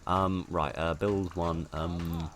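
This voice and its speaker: A man's voice: sits low, fairly even intonation, takes it slowly, a crowd in the background. A man giving casual gameplay commentary, chatty and self-deprecating, rambling as he plays. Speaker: let's play host.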